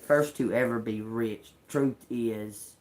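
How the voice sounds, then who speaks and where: Slow, musing man reading tarot cards. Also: mid-range voice, poor audio. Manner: slow, musing, repeats words as he reads cards; addresses listeners as y'all. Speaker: tarot reader. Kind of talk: casual tarot reading to viewers.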